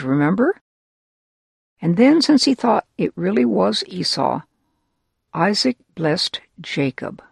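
A children's Bible storyteller with a gravelly, slightly husky voice. The delivery is slow and deliberate, rising and falling lively as it checks in with listeners through rhetorical questions. The sound is close and dry. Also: medium pitch, no room sound.

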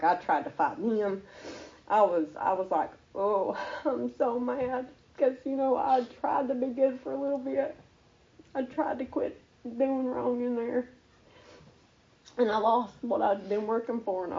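A woman telling her personal faith testimony in an earnest, halting, emotional way. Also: fairly high pitch, creaky, mellow, highs cut off.

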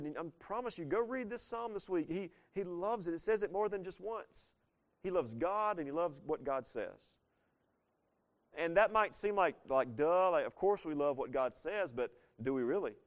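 A man's voice: high-pitched, normal speed. A man preaching a sermon as pastor, talking plainly with his congregation and asking them questions as he goes. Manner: conversational, asks the congregation questions; lively preaching with frequent shifts in loudness.

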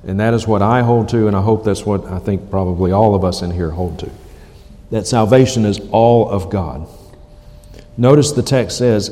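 A man preaching a sermon, emphatic, slowly repeating key phrases for weight. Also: lowish voice, mellow, in a large hall. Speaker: pastor.

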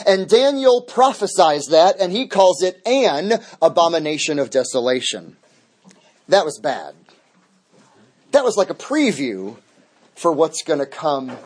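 A man's voice: high-pitched, a little mellow. A man teaching a midweek Bible study as pastor, emphatic, restating key phrases over and over.

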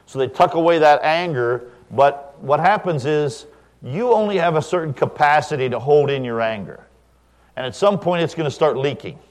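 A man's voice: a little high, animated, normal speed. A middle-aged man, the pastor, giving a sermon in a church, talking conversationally and telling stories with asides to the congregation. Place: church sanctuary.

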